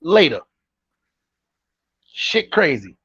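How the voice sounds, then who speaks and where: A man's voice: fairly high pitch, very animated, extremely slow, a bit bright, husky, no echo. A man giving casual, slangy reaction commentary, ranting emphatically as a vlog host. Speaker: commentary vlogger. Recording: dull dry lo-fi recording.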